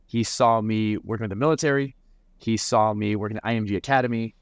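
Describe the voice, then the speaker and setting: Low-voiced reflective man, dry sound. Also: steady tone, fast talker, dry recording. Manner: reflective, repeats words when starting a thought. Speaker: mental performance coach, guest. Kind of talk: conversational interview answers.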